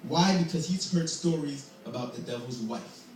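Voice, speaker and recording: A man's voice: fairly high pitch, lively intonation, normal speed, a little mellow, recorded from a distance, slight background noise. Playful male storyteller in an echoey hall. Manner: playful, chatty asides. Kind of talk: live storytelling.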